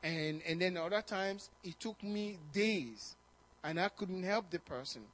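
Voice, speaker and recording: A man pastor preaching a sermon, telling personal stories in an animated way, often repeating words and rising in excitement. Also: sits high, measured pace.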